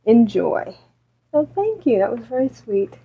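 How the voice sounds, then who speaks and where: A woman hosting a gaming podcast in casual chat, upbeat and quick to laugh, reading listener reviews. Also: a little high, very animated, vocal fry, slightly rough, narrow, tinny audio. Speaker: podcast host. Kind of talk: casual chat, running the show.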